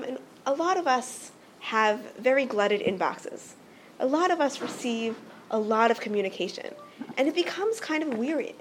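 Earnest high-voiced woman teacher. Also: animated, moderate pace, slight background noise. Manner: earnest, explanatory, frequent "right?" check-ins. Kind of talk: religious teaching talk.

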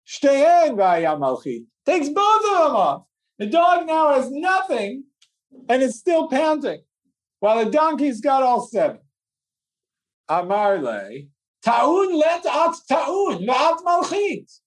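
Animated male teacher walking a class through a text; lively delivery, roomy distant sound. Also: extremely high pitch, slow. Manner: animated, acts out the story, asks "right?" often. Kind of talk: text study lecture. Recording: roomy echo, speaker away from mic.

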